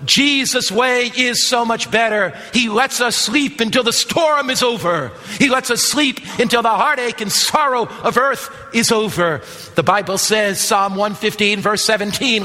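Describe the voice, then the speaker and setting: Bright-voiced preaching man in a big hall. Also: high-pitched. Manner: preaching with rising emphatic passages. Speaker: pastor. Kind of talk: sermon. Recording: long hall reverb.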